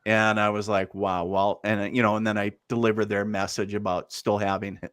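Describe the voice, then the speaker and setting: A man's voice: on the low side, level tone, brisk, fairly bright tone, dry recording, clean studio sound. Rambling man telling a story. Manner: rambling, many fillers, laughs easily. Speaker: guest medium. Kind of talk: casual storytelling.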